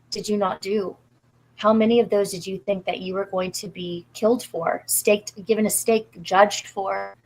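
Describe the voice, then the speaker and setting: A woman's voice: mid-range voice, poor audio. A woman in her forties speaking with an English accent, a voice actress chatting candidly and emotionally as a guest. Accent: English accent, adopted. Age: 40s. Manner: earnest, emotional, confessional. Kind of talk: candid live-stream chat.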